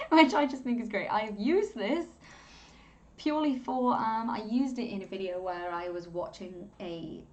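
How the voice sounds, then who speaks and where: A young woman giving a casual, rambling editing tutorial at home, chatty and quick to laugh. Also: mid-range voice, muffled recording, a little hiss or hum. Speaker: content creator teaching video editing. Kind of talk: casual screen-recording tutorial.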